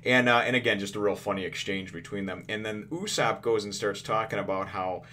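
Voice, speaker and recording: A man's voice: on the low side, brisk, bright, forceful tone, a little hiss or hum. A man hosting a casual comic review, rambling with lots of fillers and restarts and laughing often. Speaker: host.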